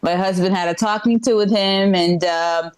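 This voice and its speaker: A woman's voice: medium pitch, steady tone, normal speed, smooth. A middle-aged woman from Ukraine, a stand-up comedian telling a rambling live story on a small club stage and checking in with the crowd.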